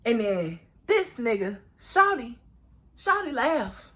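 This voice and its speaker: A woman from Florida spins a wild storytime for her viewers, loud and profane. She leans into asides to the audience and jumps high in pitch whenever she acts out what someone said. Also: sing-song, slow pace. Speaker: vlogger. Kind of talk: storytime vlog, casual storytelling.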